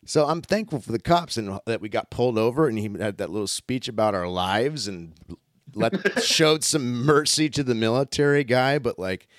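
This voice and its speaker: A man telling a story in casual chat, animated and swearing often, acting out what others said. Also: mid-range voice, moderate pace, no echo, studio quality.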